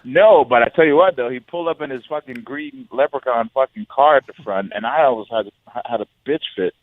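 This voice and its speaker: A man's voice: medium pitch, a little fast, no room sound, narrow, tinny audio. A man speaking as a guest fighter on a podcast, telling stories bluntly and profanely and acting out what people said. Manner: blunt, profane storyteller who acts out quotes. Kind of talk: casual podcast chat.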